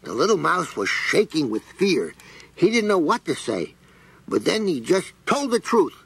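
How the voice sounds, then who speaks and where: An actor playing a clever little male mouse in an animated film, drawling slowly and wryly in a gravelly voice. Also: on the high side, heavily acted. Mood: storytelling. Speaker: storyteller.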